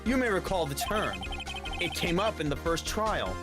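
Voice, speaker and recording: A streamer voicing a determined young male defense attorney in a game, pressing his case point by point, over loud game music. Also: medium pitch, very animated, moderate pace, lightly acted. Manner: pressing, accusatory, building a case. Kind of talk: game dialogue read aloud.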